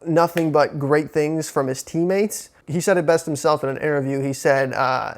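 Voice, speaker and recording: A young man from Chicago giving casual, excitable football commentary as a sports vlogger, full of fillers and slang. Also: on the high side, fairly quick, hardly any pauses. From Chicago, USA.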